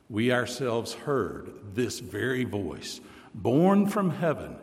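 Man preaching slowly in a reverberant church. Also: huge pitch swings. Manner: deliberate preaching, slows and drops low for emphasis, reads scripture aloud. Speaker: pastor. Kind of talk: sermon.

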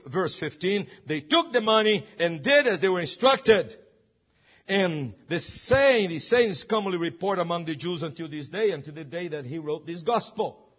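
A high, husky male voice preaching with a lively, swinging pitch and emphatic rhetorical questions. The sound is dull and lo-fi, like an old church recording. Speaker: pastor. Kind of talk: sermon.

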